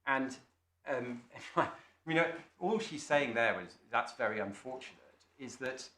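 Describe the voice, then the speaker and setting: Male barrister, formal, measured submissions; echoey courtroom. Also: medium pitch, animated, a bit bright. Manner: measured, formal, with small restarts. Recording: echoey courtroom, faint noise.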